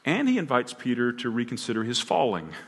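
Male pastor, mid pitch, earnest sermon delivery with emphatic swells; reverberant sanctuary sound. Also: wildly swooping pitch, fairly quick, husky. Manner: earnest, rising to emphatic peaks with frequent restarts. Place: church sanctuary.

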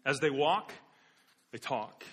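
A man's voice: medium pitch, expressive, slow pace, a bit bright, breathy edge. A man preaching a sermon as a pastor, telling an illustrative story in an earnest way with occasional repeated words.

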